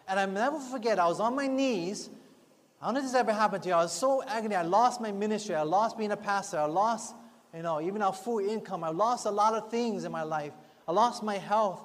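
A man's voice: high voice, brisk. A man preaching a sermon in a church, earnest and conversational, often adding rhetorical asides to the congregation. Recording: long hall reverb, faint music behind.

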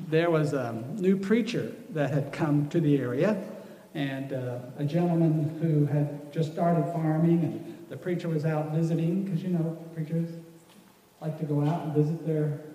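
This church class speaker has a somewhat high, slightly mellow voice, captured from a distance in an echoey hall. Teaching a room in a folksy way, he meanders and keeps starting his thoughts over.

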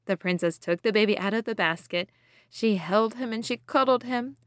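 Woman host of a kids' devotional, slow sing-song storyteller who asks questions, dry close recording. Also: on the high side, expressive, fairly bright tone, no room sound. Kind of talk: children's Bible storytelling.

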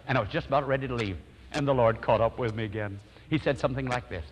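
An older male pastor telling a personal story as a fervent, lively sermon. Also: mid-range voice, fast, in a large hall, a little hiss or hum.

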